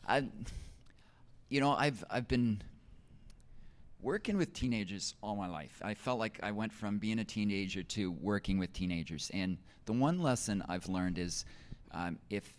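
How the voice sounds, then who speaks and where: Middle-aged male teacher, very low voice, casual testimony full of fillers and restarts. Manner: conversational, many fillers and restarts. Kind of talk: personal testimony in an interview.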